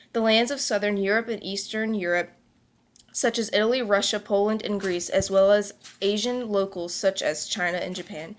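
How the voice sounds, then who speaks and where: A woman reading a history report aloud for a class project, stumbling and restarting words now and then. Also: medium pitch. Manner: reads aloud with occasional slips and restarts. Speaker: student presenter.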